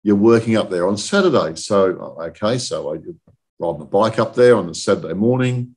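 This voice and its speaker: Older man in his sixties, low voice; casual guest spinning loose, anecdotal stories. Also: lively intonation, moderate pace, a little mellow. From southern England. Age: 60s. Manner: rambling anecdotal storyteller, often checks in with "okay?". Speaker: guest, industry chief executive. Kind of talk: casual podcast chat.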